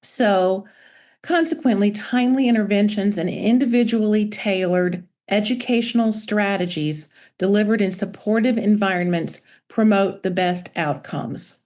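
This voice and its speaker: A woman pediatrician presenting a medical webinar lecture over a video call in a measured, informative way. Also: medium pitch, darkish tone. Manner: measured, informative, reading from slides.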